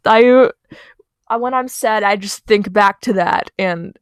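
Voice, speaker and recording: A woman's voice: medium pitch, unhurried, no echo. Rambling self-mocking young woman, dry close sound. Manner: rambling, self-deprecating, trails off into quiet asides. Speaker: storytime channel host. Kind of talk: casual storytime narration over a speedpaint. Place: small bedroom. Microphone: home recording mic, voice-over.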